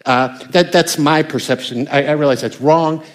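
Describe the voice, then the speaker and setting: A man's voice: on the high side, normal speed. An older American man, a pastor, preaching a conversational sermon with emphatic bursts. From United States.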